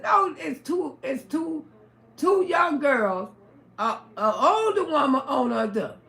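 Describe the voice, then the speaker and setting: Animated, profane storytelling woman. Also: sits high, roomy sound. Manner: profane, animated, emphatic retelling. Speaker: livestream host. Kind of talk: casual storytelling to a live audience.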